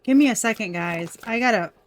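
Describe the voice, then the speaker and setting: A woman's voice: on the high side, expressive, unhurried, a little mellow, highs cut off. Chatty laughing woman reading tarot. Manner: chatty, laughing often, addresses viewers as y'all. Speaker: tarot reader. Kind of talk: casual tarot reading to camera.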